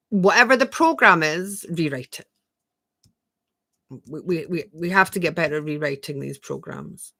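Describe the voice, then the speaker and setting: Bright-voiced woman coaching on a live stream. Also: on the low side, normal speed, no room sound. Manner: gentle, repetitive affirmations, rhetorical questions; reads viewer comments aloud and answers them. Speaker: spiritual coach.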